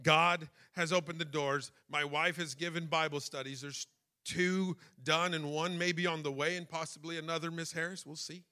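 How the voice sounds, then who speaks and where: A man preaching a sermon, emotional and personal, building to shouted fervor. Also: a little high, fairly even intonation, normal speed.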